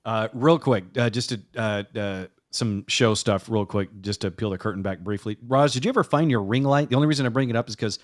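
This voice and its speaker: A man's voice: on the low side, a little fast, few pauses, dry recording. A man hosting a podcast, teasing his co-host with dry jokes in casual banter over a video call.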